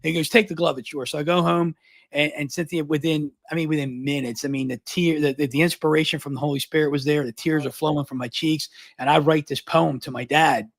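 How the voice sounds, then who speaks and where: A middle-aged man from Baltimore, a guest on a live interview, telling a long story at high speed, often repeating words and restarting. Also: no echo. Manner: fast, energetic, long-winded storytelling.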